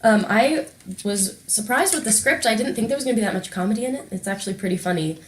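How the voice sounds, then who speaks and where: A woman's voice: medium pitch, expressive, fast, reverberant. A woman guest co-hosting a podcast, chatting in an upbeat, talkative way. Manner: upbeat, chatty, frequent "um" and laughs. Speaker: guest co-host. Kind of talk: casual chat.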